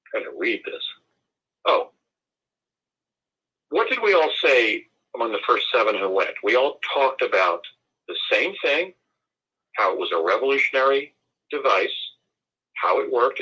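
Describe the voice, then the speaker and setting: A man's voice: medium pitch, pushed and bright, slightly rough, rough recording. A man from the United States, speaking as an interview guest in an emphatic, formal and indignant way. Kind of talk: conversational interview.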